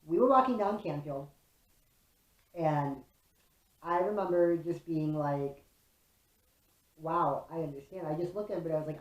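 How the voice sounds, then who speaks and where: A young woman from Chicago vlogging a casual, profane, animated storytime. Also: on the low side, moderate pace, pauses often, dull audio. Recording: roomy echo.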